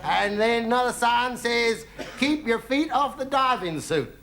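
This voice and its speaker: A man's voice: very high-pitched, a little slow, a bit bright, exaggerated voice. Man putting on a drawling hick American traveller. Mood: cheeky. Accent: put-on American Southern drawl. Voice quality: folksy drawl with "ooh-wee" whoops. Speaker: comedian in character. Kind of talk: 1970s TV stand-up monologue in character. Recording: 1970s TV studio with audience noise.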